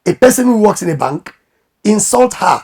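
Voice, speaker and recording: A man who is a pastor and marriage coach, giving animated advice in conversation and acting out quoted voices. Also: high-pitched, normal speed, creaky, breathy edge.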